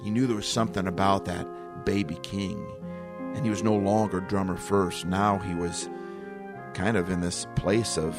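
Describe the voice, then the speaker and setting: A middle-aged man talks slowly through a reflective podcast episode, his low voice carrying a gravelly edge. He speaks earnestly and with feeling, returning again and again to the same phrases. Music plays clearly beneath him. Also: steady tone. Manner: earnest, emotional, repeats key phrases. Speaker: podcast host. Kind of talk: reflective solo podcast talk. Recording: music playing underneath.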